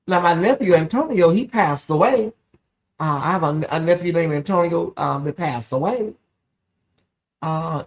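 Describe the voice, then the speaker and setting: Chatty livestream gossip host. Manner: chatty, reads viewer comments aloud, talks straight to the audience; swings into loud, high exclamations when excited. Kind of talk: casual livestream gossip commentary.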